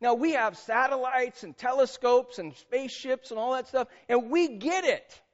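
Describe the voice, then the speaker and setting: Animated high-voiced preacher, muffled recording. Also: male voice, moderate pace. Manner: animated, conversational, quizzes audience. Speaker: pastor. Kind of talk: sermon.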